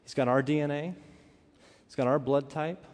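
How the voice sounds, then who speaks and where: A man preaching a sermon, telling a personal story with earnest, animated delivery and frequent restarts. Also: a little high, normal speed. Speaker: pastor. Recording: hall reverb.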